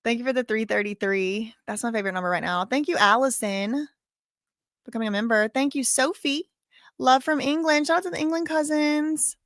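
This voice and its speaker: A woman hosting a casual livestream, thanking viewers and talking in a halting, emotional way full of "like". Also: fairly high pitch, fairly bright tone, no room sound, studio quality. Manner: chatty, halting, heavy use of "like", openly emotional. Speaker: livestream host reading viewer donations.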